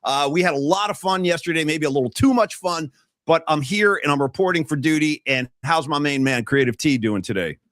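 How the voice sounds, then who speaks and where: A man's voice: fairly high pitch, brisk, fairly bright tone, no echo. A man co-hosting a casual sports talk show, upbeat and joking, talking to viewers by name, a bit worn out after a big night. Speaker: podcast co-host. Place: small studio.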